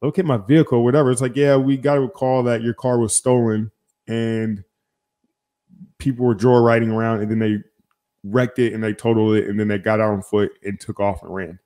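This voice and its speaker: A young man hosting a podcast, telling a story in casual chat, animated and profane, acting out both sides of phone calls. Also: mid-range voice, fairly quick. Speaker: podcast host.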